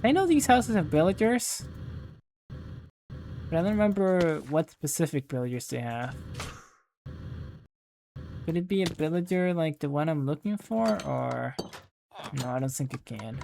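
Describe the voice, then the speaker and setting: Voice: medium pitch, creaky, warm tone, a little hiss or hum. A young adult gaming host rambling through casual gameplay commentary at a desk mic, filling with lots of "like" and poking fun at themself. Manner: rambling and self-deprecating, heavy use of "like".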